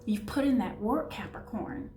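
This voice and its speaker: A woman's voice: mid-range voice, animated, normal speed, a little hiss or hum. A woman giving a casual tarot reading, chatty and affectionate, often searching for words. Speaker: tarot reader. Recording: echoey room, voice a bit far from mic, soft music behind.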